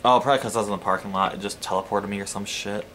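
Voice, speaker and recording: A man hosting a let's play, telling a story in a chatty, animated way over gameplay, swearing casually. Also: lowish voice, racing, heavy background noise. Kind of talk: casual gameplay commentary and anecdote.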